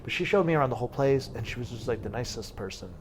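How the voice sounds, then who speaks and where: With some faint background noise behind him, this wrestler guest speaks at medium pitch, animated and racing along. In the sit-down interview he's chatty and loose, restarting sentences and dropping "like" over and over as he spins his stories.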